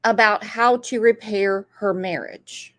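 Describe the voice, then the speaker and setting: Hosting a true crime channel, this woman walks through a case slowly in a mid-range, steady, slightly bright voice. It's casual commentary, delivered conversationally with emphasis, and she goes over key points again for stress.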